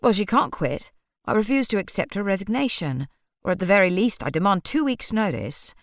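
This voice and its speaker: A woman's voice: mid-range voice, sing-song, fairly quick, dry recording, clean studio sound. A woman reading an audiobook voices a flustered, mild-mannered male shopkeeper who turns huffy and pleading.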